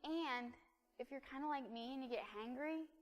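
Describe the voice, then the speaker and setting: A woman's voice: high-pitched, normal speed, muffled recording. A woman in her thirties giving a sermon in a playful, joking, conversational way from a church sanctuary. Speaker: pastor. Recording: echoey church hall.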